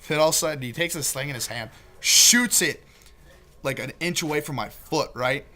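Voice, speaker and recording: A man's voice: a little high, fast, fairly bright tone. A young man casually telling a profane story among friends, laid-back and full of swearing.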